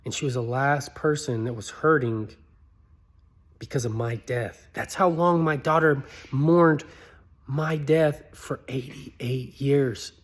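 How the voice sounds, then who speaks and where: A man telling a personal story in an earnest, pleading way, his voice climbing high when he begs. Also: slow. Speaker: motivational speaker.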